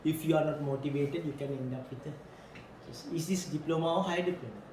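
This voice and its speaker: A man's voice: a little high, a little fast, a little mellow, reverberant, a little hiss or hum. A man with a Sri Lankan English accent gives a classroom lecture. He repeats key phrases and keeps putting questions to his students.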